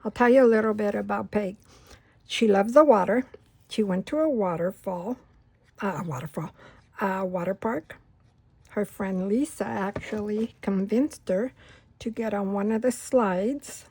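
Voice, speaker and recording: Slow, gravelly middle-aged craft host. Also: female voice, medium pitch, no room sound. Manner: rambling, unhurried storytelling while working; soft-spoken, drops to near-whisper while gluing. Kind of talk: casual crafting tutorial chat.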